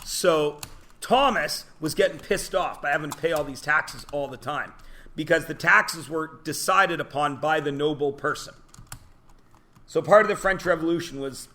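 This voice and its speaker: Male classroom teacher, casual joking lecture, bright slightly high voice, quizzes students. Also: moderate pace. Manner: chatty, joking, asks the class questions.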